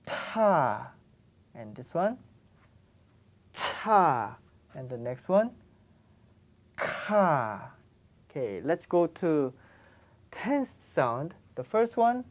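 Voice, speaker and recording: Patiently repeating every sound for learners, a woman teaches Korean pronunciation. Her voice is lowish and sing-song, and she talks very slowly, pausing often.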